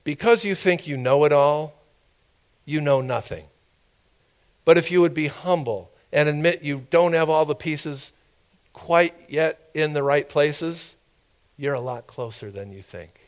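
A man's voice: fairly high pitch, unhurried. A man preaching a sermon in an informal, conversational way, with asides and questions to the congregation.

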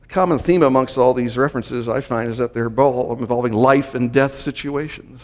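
Male bible teacher, sermon style, explanatory, middle pitch, long reverb from a big hall. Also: moderate pace, a little mellow. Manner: explanatory, reads scripture aloud with raised emphasis. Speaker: teacher in a Messianic congregation.

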